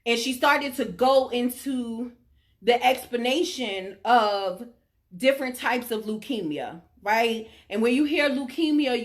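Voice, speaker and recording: A middle-aged woman telling a personal story to her audience, emphatic and often checking in with her listeners. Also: fairly high pitch. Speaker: vlogger sharing her diagnosis story.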